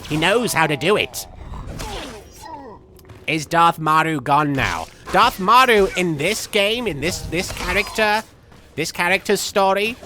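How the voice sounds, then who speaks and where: A man's voice: fairly high pitch, bright, forceful tone. A man playing a manic, childish villain who rambles and jumps between jokes while streaming a game, sniffling from a cold. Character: manic goofy male villain, childish and gleeful. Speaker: livestream gamer. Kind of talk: live game-stream commentary in character.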